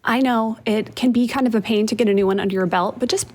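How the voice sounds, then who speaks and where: Female co-host, husky voice, brisk and matter-of-fact, casual podcast chat. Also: on the high side. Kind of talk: casual chat, reading news items.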